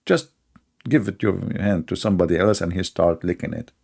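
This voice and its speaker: A man's voice: low-pitched, fairly quick, vocal fry, a little mellow, husky. A man hosting a mocking commentary show, sarcastic and chuckling at his own jokes. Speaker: show host.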